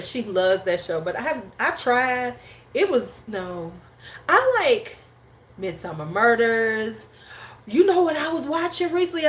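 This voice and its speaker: A woman hosting a casual livestream chat at home, rambling and slangy. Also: on the high side. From United States. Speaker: host.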